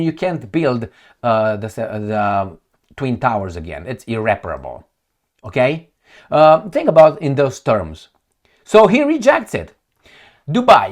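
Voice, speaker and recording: A man's voice: fairly high pitch, big pitch swings, normal speed. Combative, swearing male political ranter. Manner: combative, profane, sarcastic; reads news excerpts aloud, mocks with put-on quotes. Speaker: political commentator. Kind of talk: ranting video commentary.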